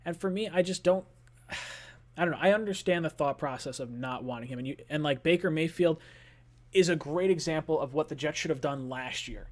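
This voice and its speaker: A man's voice: a little high, normal speed. A man hosting a sports fan call-in show, talking loosely and chattily with lots of filler words. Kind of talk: casual sports talk.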